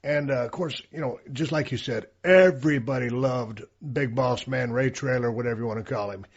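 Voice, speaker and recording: Husky man telling a laid-back story. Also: mid-range voice, fairly quick, muffled recording. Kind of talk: casual chat.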